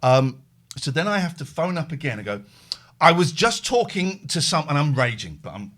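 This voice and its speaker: Male host, middle-aged, animated storyteller, slightly higher voice with a lively, swinging delivery. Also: moderate pace. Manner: animated storyteller, acts out phone calls, thanks subscribers. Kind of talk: casual chat, livestream storytelling.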